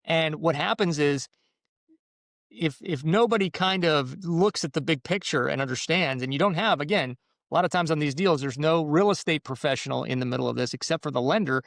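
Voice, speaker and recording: A man's voice: a little high, a little fast, creaky, a bit bright, dry recording, clean studio sound. A man in the mortgage business explaining home deals in casual podcast chat, rambling with restarts. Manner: rambling, restarts, acts out buyer and seller quotes. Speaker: mortgage professional.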